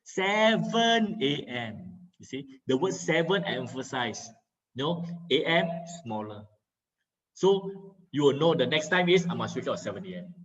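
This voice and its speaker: A man teaching communication skills in an online lecture, talking over a video call. He speaks in a teacherly way, fills pauses with many drawn-out "uh"s and often checks understanding with "okay?" or "right?". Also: medium pitch, big pitch swings, lo-fi sound.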